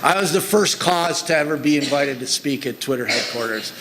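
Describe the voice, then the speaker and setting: A man's voice: fairly high pitch, expressive, brisk, background noise. A middle-aged man giving a talk to an audience, telling stories about his work in an earnest, conversational way. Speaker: speaker. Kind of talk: conference talk with slides.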